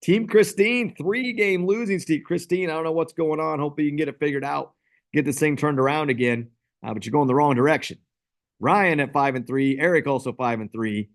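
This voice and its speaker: A man hosting a casual fantasy football league recap, rambling and self-deprecating. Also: mid-range voice.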